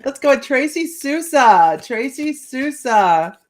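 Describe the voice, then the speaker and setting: A woman's voice: sits high, very animated, slow. A woman hosting a casual live psychic-reading stream, chatty and playful, laughing often as she reads out cheeky card lines. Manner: giggly, chatty, laughs often between remarks.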